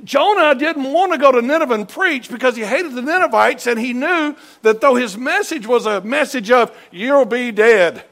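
Man, very high voice, animated sermon, shouting at peaks. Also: moderate pace, vocal fry, hardly any pauses. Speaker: pastor. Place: church sanctuary.

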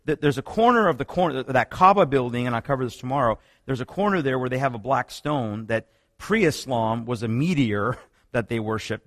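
Animated preacher man, dry sound. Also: dry recording. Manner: animated storytelling, many restarts, rising pitch when excited. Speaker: preacher teaching on another religion. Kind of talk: sermon-style teaching talk.

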